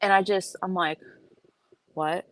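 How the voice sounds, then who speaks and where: A young woman tells a story in a casual vlog, swearing freely and leaning hard on her words. Her voice sits a little low for a woman. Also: measured pace, vocal fry. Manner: animated, profane, emphatic retelling. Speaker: vlogger.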